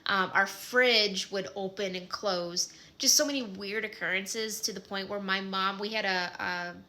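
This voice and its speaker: A woman's voice: mid-range voice, steady tone, measured pace, pushed and bright. A woman in her thirties with a Midwestern American accent, casually telling a personal story with lots of "like" and "um". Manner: chatty, many fillers like "like" and "um".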